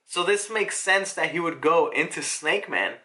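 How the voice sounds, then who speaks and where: A chatty manga reviewer runs through a chapter in a casual review, excitable and quick to laugh. His voice sits high and bright, with a sharp, forceful edge.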